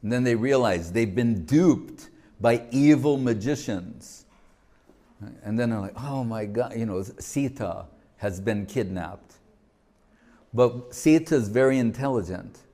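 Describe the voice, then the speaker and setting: A man's voice: mid-range voice, lively intonation, unhurried, mellow. A man, a spiritual teacher, retelling a sacred story to an audience in a casual, joking way, full of restarts and asides.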